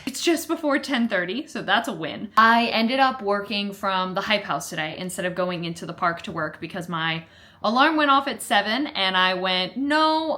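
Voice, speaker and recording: A young woman filming a casual travel vlog on a handheld camera, bubbly and excitable, with chatty asides. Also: mid-range voice, dry recording. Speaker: vlogger. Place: theme parks, outdoors and at home.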